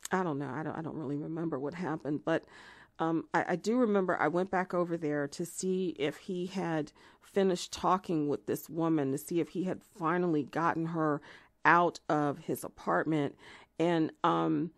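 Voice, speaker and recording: A woman plays a brash, obsessive woman who rambles and gossips, her low voice rough and gravelly. She swings from chatty to shrill outrage, recorded close and dry for an audio drama. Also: steady tone, normal speed, dry recording. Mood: unhinged. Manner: chatty, filler-heavy, swings to shrill indignation. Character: brash, unhinged woman smitten with a lover. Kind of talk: monologue in an amateur audio drama.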